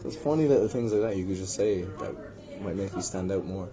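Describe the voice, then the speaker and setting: A young Limerick-born actor talks quickly amid crowd noise during a casual interview chat at a hotel venue. In his Irish accent he rambles about his acting work, self-deprecating and restarting a lot, and there's a low rumble in the noisy recording.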